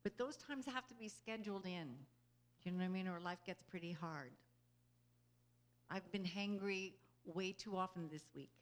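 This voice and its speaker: A woman's voice: on the low side, moderate pace. A woman giving an inspirational talk to a group, earnest and conversational, often checking in with her listeners and laughing easily. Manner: earnest and conversational, often asking "you know?"; laughs easily between thoughts. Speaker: spiritual speaker.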